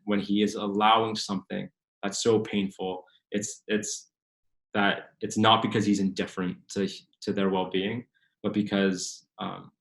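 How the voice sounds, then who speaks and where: A man's voice: deep voice, gravelly, reverberant. A man answering questions at a forum, earnest and searching for his words, with many restarts.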